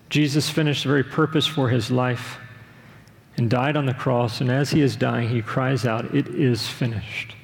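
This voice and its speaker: Gravelly-voiced preacher in a reverberant hall. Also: male voice, medium pitch. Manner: earnest, measured preaching with rhetorical questions. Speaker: pastor. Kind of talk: sermon. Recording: long reverb of a large hall.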